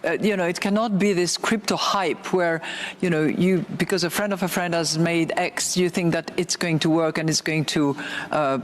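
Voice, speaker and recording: A woman central banker with a French accent, speaking in a measured, hesitant way in an interview clip. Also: fairly low pitch, slight background noise.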